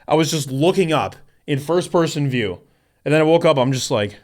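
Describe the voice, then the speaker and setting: A man's voice: fairly high pitch, lively intonation, fairly quick, a little mellow. Rambling, laughing young man telling a story. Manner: rambling storyteller, heavy on fillers and self-restarts, laughing. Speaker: podcast co-host. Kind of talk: casual chat.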